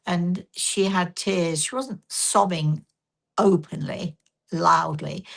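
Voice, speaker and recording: An older woman, a spiritual medium and host, telling a story in a gentle, rambling way with frequent restarts. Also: fairly low pitch, gravelly. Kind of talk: casual storytelling talk.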